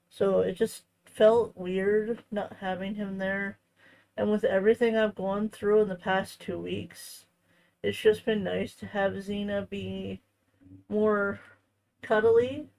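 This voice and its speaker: A woman hosting a crafting channel, chatting casually in a tender, reflective way, often halting and restarting her sentences. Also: mid-range voice, creaky, a little mellow, rough recording. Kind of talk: casual chat while crafting.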